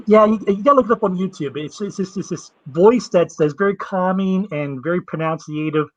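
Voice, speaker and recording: A man's voice: sits high, moderate pace, no room sound, highs cut off. A man with a Southern US accent in a casual chat, rambling, folksy, and repeating his words.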